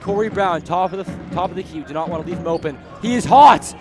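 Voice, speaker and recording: Excitable young male basketball commentator. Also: high-pitched, fast. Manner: partisan, shouts on big plays, apologizes for screaming. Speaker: play-by-play commentator. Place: school gymnasium.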